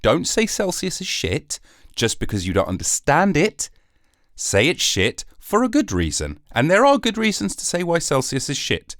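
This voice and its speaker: A man's voice: fairly high pitch, wildly swooping pitch, moderate pace, a bit bright, no echo, clean studio sound. A British man hosting his own podcast, rambling through a jokey, sarcastic solo monologue. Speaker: podcast host.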